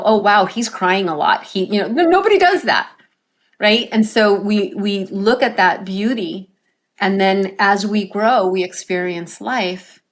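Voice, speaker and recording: A woman life coach, a guest on an interview show, telling stories earnestly and often ending her points with a tag question. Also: fairly low pitch. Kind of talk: conversational interview storytelling.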